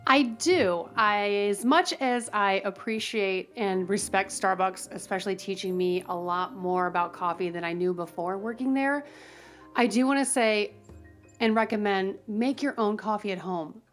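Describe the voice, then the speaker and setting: A woman, a guest barista, talking earnestly and telling stories in a relaxed interview. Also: medium pitch, moderate pace, soft background music. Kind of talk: casual interview.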